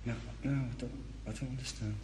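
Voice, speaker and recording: Male medium, halting delivery, echoey room with noise. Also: medium pitch, fairly even intonation. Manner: halting, hesitant speech. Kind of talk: live ghost-hunt commentary.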